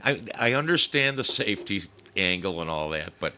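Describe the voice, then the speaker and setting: A man's voice: deep voice, very animated, moderate pace, pushed and bright, clean tone. A man talking as a guest in a casual chat over drinks, blunt and swearing freely. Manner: blunt, profane storyteller.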